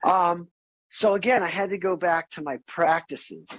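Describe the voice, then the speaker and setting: A middle-aged man talking as a podcast guest and musician, candid and animated, swearing freely in casual conversation. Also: sits high, normal speed, no room sound, rough recording.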